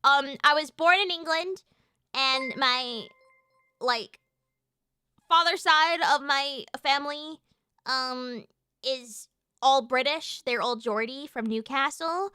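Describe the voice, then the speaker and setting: An excitable young woman chats on her live stream in a high, bright voice. She rambles, restarts and bursts into shouts. The sound is dry and close. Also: slow, pauses often, no room sound. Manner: excitable, with sudden shouted outbursts. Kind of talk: casual live-stream chat.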